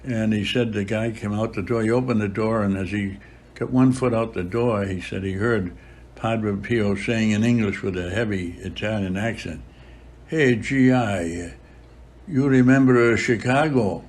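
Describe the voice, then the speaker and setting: A man of about a hundred, a priest recalling his life in an interview, unhurried, with frequent filler pauses. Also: fairly low pitch, fairly even intonation, a little mellow. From Boston area, USA. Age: about 100. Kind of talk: reminiscing in an interview.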